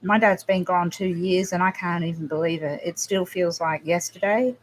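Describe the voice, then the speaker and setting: A woman with a lowish voice hosts a casual livestream chat, talking straight to her viewers. She speaks softly and haltingly, often restarting her sentences, and her talk stays close to emotion. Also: steady tone. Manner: emotional, halting, soft-spoken with frequent restarts. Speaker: livestream host.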